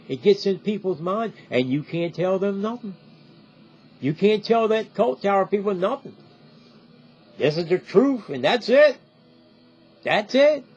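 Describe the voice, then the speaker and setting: This older male commentator talks straight into the camera in a loose, rambling manner, repeating things and regularly asking "See?". His voice sits high, creaky and a little mellow, recorded in dull lo-fi sound with faint music.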